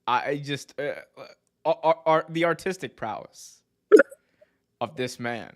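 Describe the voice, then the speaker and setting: Animated, slangy male podcast host. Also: a little high, a little slow. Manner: animated, laughs often, slangy. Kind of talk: casual wrestling podcast chat.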